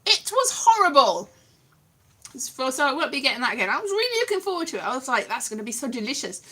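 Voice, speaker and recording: A woman's voice: sits high, fast. A woman chatting casually to camera in a playful, silly vlog. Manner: playful, animated, silly asides. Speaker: vlogger.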